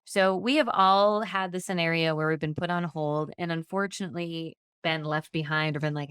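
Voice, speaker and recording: A woman with a lowish, smooth, clear voice leads a podcast training session. She talks in an upbeat, chatty way. The sound is dry and close. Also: steady tone, moderate pace, few pauses, a bit bright, dry recording. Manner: upbeat and chatty, briefly acts out customer-service lines. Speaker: insurance agency trainer and podcast host.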